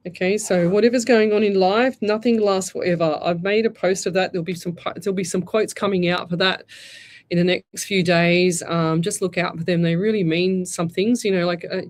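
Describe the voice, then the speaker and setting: A woman's voice: on the low side, steady tone, brisk. An Australian woman hosting a live radio show, giving psychic readings in a chatty, rambling way. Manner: chatty, rambling, warm asides like "lovey". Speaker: psychic medium radio host.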